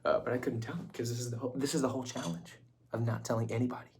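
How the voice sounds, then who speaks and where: A man's voice: medium pitch, fairly even intonation, racing, a little mellow, slight background noise. A young man chatting to the camera in a casual vlog, rambling and laughing often, sometimes dropping into a whisper. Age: young adult. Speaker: vlogger.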